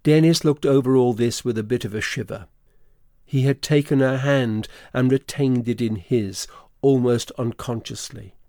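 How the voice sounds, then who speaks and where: Gravelly male audiobook narrator. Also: mid-range voice, dark tone, no echo, clean studio sound. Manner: measured, literary reading.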